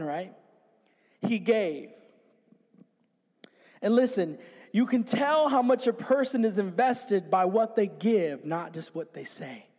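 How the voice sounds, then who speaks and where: A man preaching an energetic sermon in a small church, bouncing around and calling on the congregation to repeat after him. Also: high-pitched, long reverb tail. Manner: energetic, jumping about; call-and-response with congregation. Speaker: pastor. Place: small church with few people.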